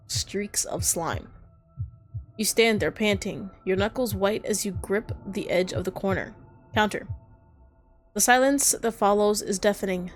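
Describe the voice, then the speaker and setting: Streamer lady reading creepy game text, dramatic, slow, little freakout asides, quiet music. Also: mid-range voice. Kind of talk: reading a horror visual novel aloud.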